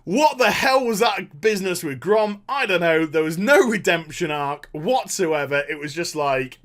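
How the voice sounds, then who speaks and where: A man's voice: high voice, animated, normal speed, few pauses, a bit bright. A man, sarcastically ranting about a game story, swearing freely and mocking characters. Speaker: gaming commentator. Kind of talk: animated opinion rant.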